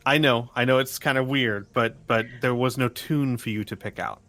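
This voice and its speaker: A man's voice: medium pitch, moderate pace, sharp tone. Easygoing young man as game master. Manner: easygoing, rules-minded, chatty. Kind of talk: running a tabletop game.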